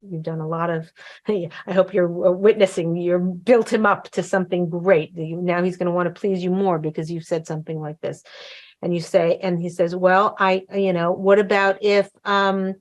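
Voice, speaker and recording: A woman's voice: fairly low pitch, fairly even intonation, normal speed, a little mellow. A woman hosting a talk show, coaching in a casual chatty way, often acting out what wives and husbands might say. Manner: chatty, acts out quoted voices, frequent fillers and restarts.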